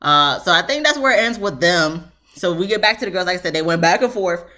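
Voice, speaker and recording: Chatty animated woman reviewer. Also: lowish voice, fast talker. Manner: chatty, animated, lots of "you know" fillers. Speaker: TV show reviewer. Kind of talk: casual review commentary.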